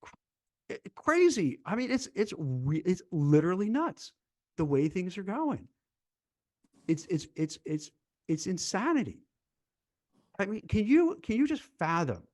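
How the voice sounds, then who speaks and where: This recruiter, who also hosts a casual live-stream chat, has a voice that sits high, speaks a little slowly with long pauses, and is recorded dry. He's animated, acts out dialogue in mock voices, and stumbles over repeated words when he gets fired up.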